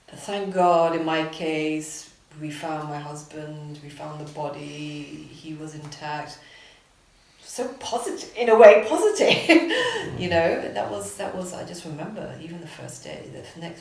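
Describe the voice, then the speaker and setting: A woman raised between England and Japan, recounting a loss in halting speech that often sinks to near whispers. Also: low-pitched, creaky. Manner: halting, many restarts, drops to near whispers. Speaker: interviewee. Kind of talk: personal testimony in a documentary. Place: city street or park. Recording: reverberant, slightly noisy.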